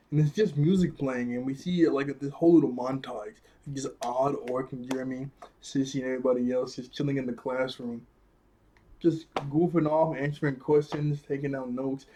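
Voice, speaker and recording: A man's voice: mid-range voice, fairly even intonation, normal speed, warm tone. Rambling, chuckling man reviewing cartoons. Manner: rambling, chuckling, filler-heavy retelling. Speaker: episode reviewer. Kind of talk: casual cartoon episode review.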